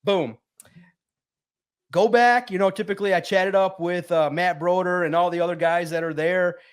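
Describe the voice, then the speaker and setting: A high-energy man, a sports writer guest, telling a lively story and acting out the voices in it. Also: brisk, clear, resonant tone. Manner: high-energy, acts out quotes loudly. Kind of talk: animated storytelling.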